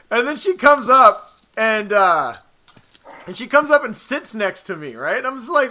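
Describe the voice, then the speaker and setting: Bright-voiced man telling a rambling story. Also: high voice, normal speed. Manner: animated, swears freely, acts out quoted lines. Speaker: podcast co-host. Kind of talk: casual storytelling chat.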